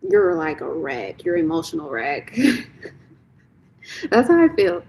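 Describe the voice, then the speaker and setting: A woman's voice: lowish voice, very animated, slow, creaky, a little mellow, slight background noise, low-quality recording. A young woman reading tarot on a live stream, talking casually and bluntly, repeating phrases as she vents to a viewer.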